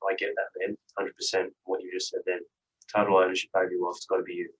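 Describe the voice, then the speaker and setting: Low-voiced podcast host guy, pretty flat, chill and affirming. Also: fast, slight background noise, rough recording. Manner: affirming, casual, swears. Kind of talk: interview questions, casual chat.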